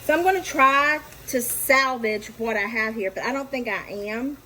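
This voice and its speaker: This cooking vlog host, a woman with a fairly high voice, chats at normal speed with her viewers while cooking at home, teasing herself over her mistakes. The low-quality recording carries some hiss or hum, along with the loud sizzle of a frying pan.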